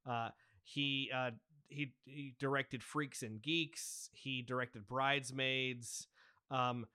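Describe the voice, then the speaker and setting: A man's voice: medium pitch, steady tone, takes it slowly, sharp tone, smooth, dry recording, studio quality. An American man co-hosting a casual podcast, eagerly chatting and introducing the next topic. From United States. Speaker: podcast co-host. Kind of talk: casual chat.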